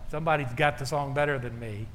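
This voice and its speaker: A man's voice: medium pitch, steady tone, quick pace, fairly bright tone, a little hiss or hum. A man preaching a folksy, joking sermon in a church, half-singing song lyrics. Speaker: pastor. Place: church sanctuary. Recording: echoey church hall with faint ambience.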